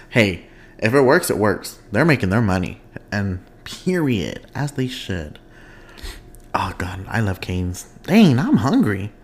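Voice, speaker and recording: A young man with a medium-pitched voice hosts his own podcast, chatting casually and expressively. He laughs often and drifts off on tangents.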